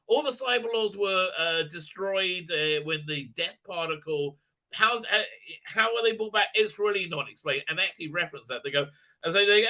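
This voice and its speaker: A man with a high, bright, sharply edged voice rambles through a casual episode review. He stumbles over fillers and restarts, and his tone stays dry and sarcastic. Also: animated, moderate pace. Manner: mocking put-on voices for characters. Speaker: video reviewer.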